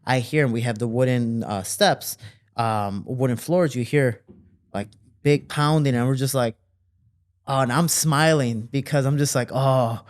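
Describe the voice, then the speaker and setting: A man telling stories from his childhood as a guest in an interview, with lively quoting and relaxed fillers. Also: unhurried. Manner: animated, jumps higher to quote people; fillers and restarts, relaxed flow. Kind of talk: casual storytelling.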